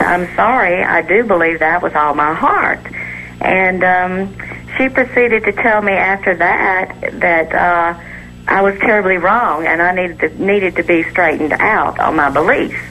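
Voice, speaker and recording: A woman's voice: on the low side, pushed and bright, slight background noise. A woman in her forties calling in to a talk show, telling her story earnestly over a phone line. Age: 40s. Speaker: caller.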